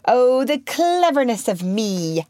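A woman's voice: on the high side, huge pitch swings, unhurried, dry recording, pitched above the performer's own voice, heavily acted. Peter Pan, a cocky boy, read by a woman. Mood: boastful. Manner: boastful and curt. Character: cocky proud boy, quick to sulk.

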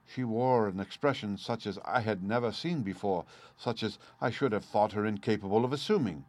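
A man reading a first-person story aloud at a measured, steady pace. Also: on the low side. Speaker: audiobook reader.

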